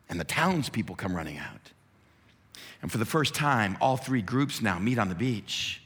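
A man preaching, painting a scene in dramatic, unhurried detail. His voice is low-pitched yet bright and forceful. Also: in a large hall. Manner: vivid, dramatic narration. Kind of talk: sermon storytelling.

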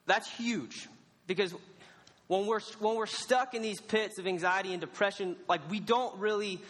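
A young man with a high, bright voice gives a casual sermon, telling stories with animated, self-mocking energy. His voice carries a long reverb off the walls of a church hall. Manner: casual storytelling, animated, laughs at himself. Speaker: youth pastor.

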